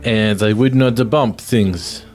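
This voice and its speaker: A man in an improv comedy podcast scene, playing a hesitant waiter with a halting put-on French manner. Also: fairly low pitch, a little mellow, faint music behind.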